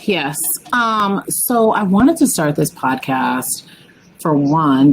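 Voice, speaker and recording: A woman hosting a podcast, talking in a relaxed, measured and upbeat way. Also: low voice, a little hiss or hum, low-quality recording. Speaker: podcast host. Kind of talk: casual podcast interview.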